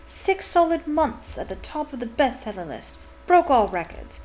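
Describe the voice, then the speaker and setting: A woman's voice: high-pitched, sing-song, moderate pace, a little mellow, a little hiss or hum, voice pushed up, low-quality recording. A woman voicing a vain celebrity wizard teacher who prattles pompously about himself. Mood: self-important. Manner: pompous, self-satisfied prattle.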